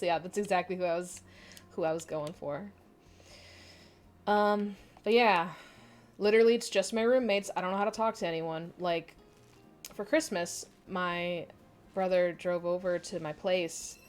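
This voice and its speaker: A woman's voice: on the low side, measured pace, darkish tone, soft background music. A young adult woman chatting casually on a live stream, answering viewer comments in a candid, rambling way with frequent laughs and casual swearing.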